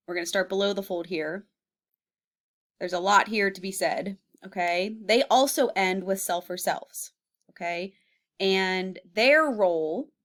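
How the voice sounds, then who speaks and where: Patient woman teacher, steady mid voice. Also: mid-range voice. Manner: patient, with frequent "okay?" check-ins and fillers. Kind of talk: classroom grammar lesson.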